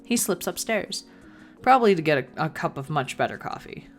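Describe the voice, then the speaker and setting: A woman's voice: fairly low pitch, lively intonation, brisk, faint music behind. A woman reading a visual novel aloud in the first person, with playful asides of her own. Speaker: gaming video creator.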